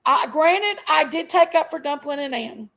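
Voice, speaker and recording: Middle-aged woman, high and gravelly, emphatic aggrieved live-stream rant. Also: animated, moderate pace, fairly bright tone, low-quality recording. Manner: aggrieved, emphatic venting, repeats herself. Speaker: livestream host.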